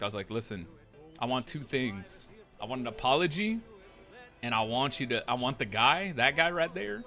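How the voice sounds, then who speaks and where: A man's voice: mid-range voice, sharp tone. A man telling a story in character during a roleplay game. He rambles, swears freely and acts out what others said. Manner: rambling, profane, acts out quotes. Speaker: roleplay player recounting events.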